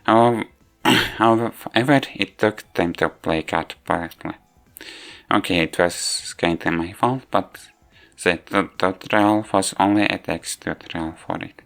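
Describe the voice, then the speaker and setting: A man with a very low voice talks through a game review at an unhurried pace. He stumbles often, breaking off words and restarting them. Faint music plays underneath. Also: fairly even intonation, vocal fry, a bit bright. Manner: halting, frequent restarts and self-corrections. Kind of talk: casual video game review voice-over. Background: faint background music.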